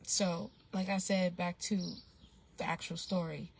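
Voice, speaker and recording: A woman's voice: on the low side, fairly even intonation, unhurried, slightly rough. A woman vlogger telling a story in a casual, slangy way, rambling with restarts and fillers.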